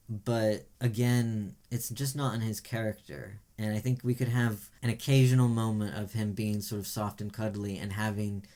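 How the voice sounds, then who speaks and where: Low-voiced man giving opinionated TV critique. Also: warm tone. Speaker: podcast co-host. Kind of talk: casual chat reviewing TV shows.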